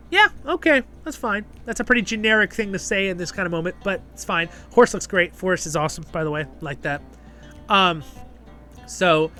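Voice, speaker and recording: A man's voice: on the high side, sharp tone. A man hosting his show, giving a casual episode review in a chatty way and often tagging his points with "right?" and "okay?".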